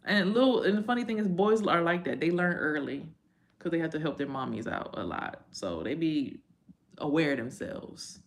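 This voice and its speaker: Low-voiced woman chatting loosely on a livestream. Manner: loose, rambling and profane, with frequent slang and side remarks. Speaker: livestream host and tarot reader. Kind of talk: casual livestream chat with viewers.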